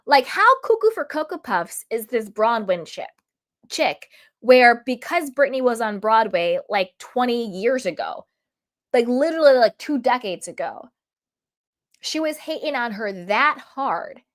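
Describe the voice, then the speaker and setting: Woman vlogger, fairly high voice, casual and emphatic reality-TV recap. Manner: emphatic, animated, talks in quick asides. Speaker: reality TV reviewer. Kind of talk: casual opinionated recap commentary.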